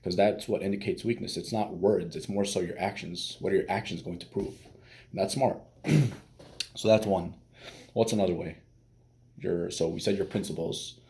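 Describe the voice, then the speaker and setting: A man's voice: low-pitched, steady tone, normal speed, mellow, slight background noise. A young man giving casual dating advice as a coach, talking loosely with restarts and fillers.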